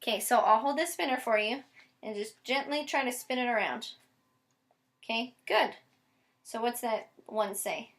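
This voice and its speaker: A woman teacher giving a patient one-on-one phonics lesson, modeling each step slowly and spelling words out letter by letter. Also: on the high side. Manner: slow, deliberate modeling with frequent check-ins. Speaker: special education teacher.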